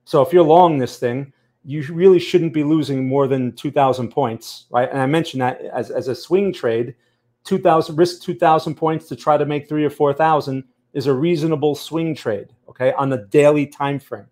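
A man's voice: on the high side, moderate pace, darkish tone. Man hosting a live trading stream. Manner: conversational, keeps checking in with "okay?" and "right?". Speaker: trading channel host. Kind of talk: live-stream market analysis, reading chat.

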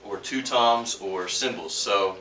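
A man's voice: on the low side, takes it slowly, sharp tone. A young man teaching a casual drum lesson in a loose, chatty way, with fillers and restarts. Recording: roomy echo, distant mic, noisy.

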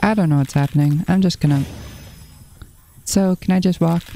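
A woman's voice: lowish voice, normal speed, warm tone, a little hiss or hum. A woman giving horror game playthrough commentary, muttering to herself and nervously repeating herself. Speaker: gaming channel host.

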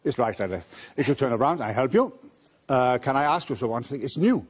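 A man's voice: mid-range voice, lively intonation, brisk, husky. Playful man doing a pickpocket stage act. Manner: playful, teasing, coaxing audience volunteers. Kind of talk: live stage patter with volunteers.

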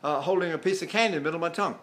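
A man's voice: fairly high pitch, very fast, fairly bright tone. A man in his seventies teaching vocal technique, explaining through examples and questions. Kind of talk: vocal technique lesson with sung demonstrations.

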